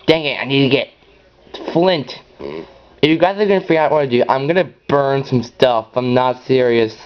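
A man hosts his own gameplay channel, rambling through casual commentary in a mid-pitched voice. He gets excitable and jumps up into high yells. The recording sounds dull and lo-fi. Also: moderate pace, smooth.

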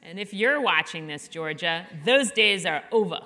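Middle-aged woman author chatting away on stage, bright voice kinda low, lots of "like", self-deprecating. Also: lively intonation, moderate pace. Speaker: author guest. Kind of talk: candid conversational interview. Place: live event stage.

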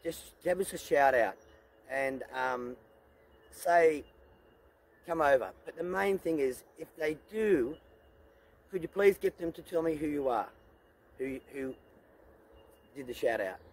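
A man's voice: fairly high pitch, expressive, measured pace, pauses often, low-quality recording. A middle-aged Australian man vlogging casually outdoors on his farm, rambling earnestly with many fillers and restarts. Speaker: homestead vlogger. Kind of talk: casual talk to camera. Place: outdoors on a farm among goats.

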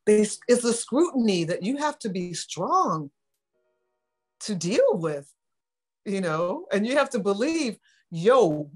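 A woman's voice: medium pitch, a little slow, long pauses, husky, soft background music. A middle-aged woman from New York, a model telling stories in a casual interview and acting out the voices she quotes. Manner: animated storyteller, acts out quoted voices.

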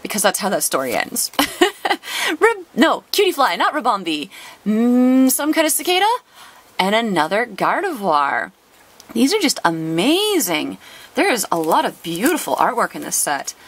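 A woman hosting a casual card-opening video. She is excitable, gushing over cards and gasping often. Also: mid-range voice, moderate pace. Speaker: trading card collector and video host.

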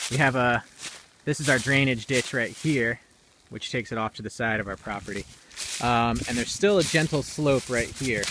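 Over a noisy background, a young man with a medium-pitched voice chats casually about an outdoor building project on his rural land. He's a DIY video maker, rambling a little with fillers, and the audio comes from a camera mic outside.

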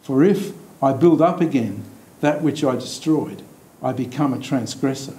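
Mellow man teaching scripture. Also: lively intonation. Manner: thoughtful, halting, with many fillers and restarts; slows down to stress key words of the text. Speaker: Bible study teacher. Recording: echoey room with faint rumble.

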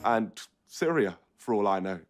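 A man's voice: on the low side, lively intonation, normal speed, soft background music. A man hosting a group guessing game with casual, teasing banter. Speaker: game host.

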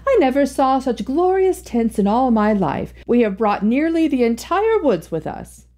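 A woman reading aloud and voicing an excitable middle-aged society mother who gushes and frets in a raised voice. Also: sits high, moderate pace, soft background music, pitched above the performer's own voice. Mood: gushing, fretful.

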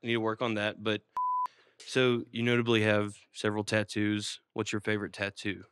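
A man hosting a comedic interview, asking odd questions in an awkward, deadpan way. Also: fairly low pitch, normal speed, clean tone, no room sound, studio quality. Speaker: host.

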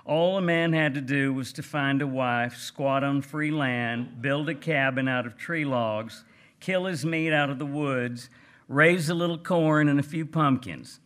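A man voicing a cranky, plainspoken older Texas gentleman writer with a Texan accent, reading aloud with a dry, folksy manner. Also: fairly high pitch, natural voice. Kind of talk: reading aloud at a book event.

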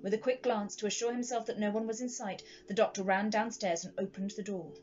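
A woman from Sheffield, England, giving a measured, dramatic reading of a classic ghost story. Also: mid-range voice, fairly even intonation, a little mellow, dull audio, faint music behind.

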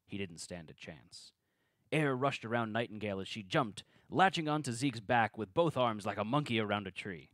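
A man's voice: fairly low pitch, animated, normal speed, fairly bright tone, no room sound. A man reading the narration at a tabletop game table read and joking with the other players.

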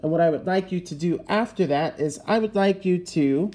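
A man's voice: sits high, fairly quick, a little mellow. A man teaching a fifth-grade lesson in a recorded video, giving patient step-by-step instructions.

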